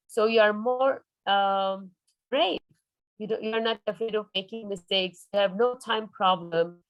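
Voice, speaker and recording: A woman trainer leading an online workshop on early foreign-language teaching, animated and showing her materials over a video call. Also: mid-range voice, no room sound, rough recording. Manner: animated, demonstrative, shows props.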